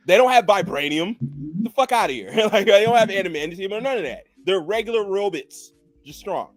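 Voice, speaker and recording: A man's voice: high-pitched, brisk, no echo, faint music behind. A man hosting a casual chat, talking animatedly with plenty of swearing and reading move descriptions aloud. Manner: animated, profane, reads move lists aloud. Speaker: host. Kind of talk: casual chat about anime powers.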